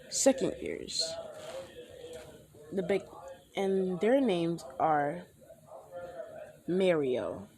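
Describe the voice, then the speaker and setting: A young man casually retelling a fan story, rambling with many halting restarts. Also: sits high, a little mellow.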